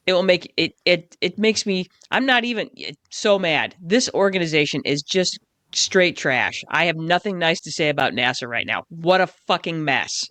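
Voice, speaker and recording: A woman co-hosting a podcast in casual chat, animated and quick to swear when riled up. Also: low-pitched, dry recording. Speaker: podcast co-host.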